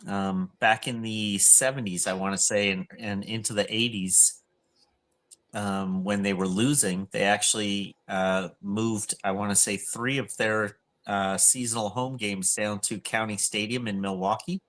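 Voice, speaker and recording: Low-voiced man, measured co-host. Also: steady tone, fairly bright tone. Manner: measured, explanatory, with fillers. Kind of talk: casual chat.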